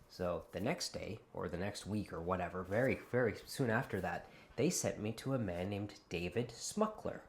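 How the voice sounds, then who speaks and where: A man in his late thirties from Canada with a Canadian accent, a host talking casually to camera in an animated, playful way. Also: fairly low pitch.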